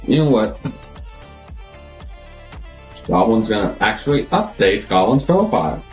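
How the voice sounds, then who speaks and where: A man's voice: lowish voice, sing-song, unhurried, faint music behind. A man live streaming, chatting casually and rambling as he thinks aloud, always calling himself Goblin in the third person.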